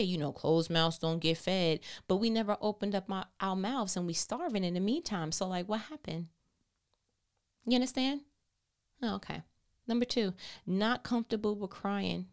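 A woman's voice: fairly low pitch, creaky, darkish tone. A woman hosting a faith-based motivational talk, earnest and encouraging, asking rhetorical questions. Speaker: host.

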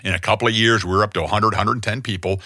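A middle-aged man preaching a sermon as pastor, conversational and emphatic, with sudden loud peaks. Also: on the low side, steady tone, very fast, no echo, clean studio sound.

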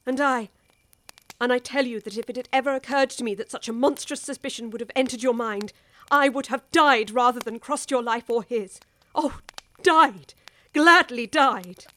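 A woman's voice: a little high, steady tone, fairly quick, a bit bright, natural voice. An actress with an English accent playing a worldly older woman who urgently pleads with a young wife, in a radio drama. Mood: impassioned.

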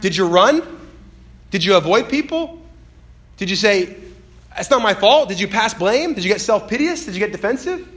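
Animated, higher-voiced man preaching. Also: moderate pace. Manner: animated, conversational, acts out quotes. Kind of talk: sermon.

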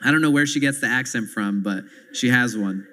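Speaking a little fast in a mid-range, sharp-toned voice, a male pastor preaches in a church sanctuary. He works earnestly through scripture, breaking off to address his listeners with asides, and a long hall reverb fills the recording.

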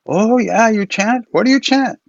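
A man voicing an exuberant elderly male lama who calls out chants in a high, bouncy voice. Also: normal speed, vocal fry, no room sound, highs cut off. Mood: eager.

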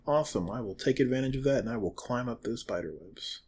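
A man's voice: mid-range voice, lively intonation, quick pace, a little mellow, husky. Man, tabletop player, curious, questioning, casual chat. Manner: curious, asks many questions. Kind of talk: playing a tabletop game.

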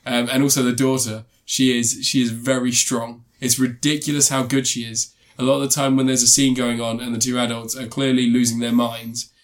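Casting: male co-host, casual rambling reviewer, mid pitch, loose chatty delivery. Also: flat delivery, a little fast, few pauses. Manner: rambling, frequent ums and restarts.

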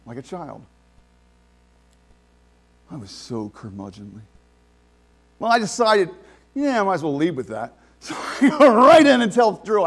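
A male pastor preaching a sermon in a conversational style, full of restarts and sudden swings between soft and loud. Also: sits high.

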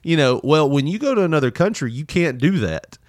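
A man's voice: on the high side, very animated, brisk, no echo, clean studio sound. A man in casual podcast chat, telling loose rambling travel stories with frequent laughter and swearing.

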